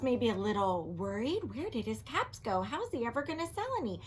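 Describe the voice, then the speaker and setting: Animated woman teacher reading a storybook aloud. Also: fairly high pitch, a little fast, husky. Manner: animated, asks the listening children questions, drops to a whisper. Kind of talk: children's storybook read-aloud.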